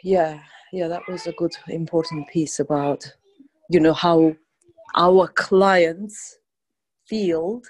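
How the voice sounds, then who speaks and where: A woman's voice: lowish voice, steady tone, slow pace, a little mellow, poor audio. Woman coach leading healing affirmations. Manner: leads with repeated affirmations. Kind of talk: guiding a healing practice session.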